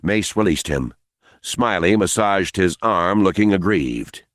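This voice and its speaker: A man reading a novel aloud as audiobook narrator, expressive and dramatic. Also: low-pitched, measured pace, no echo, studio quality.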